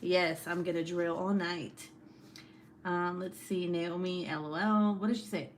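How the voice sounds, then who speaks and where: A woman's voice: on the low side, fairly even intonation, measured pace, a little hiss or hum. A woman hosting a casual livestream, reading out chat comments, laughing often and swearing freely.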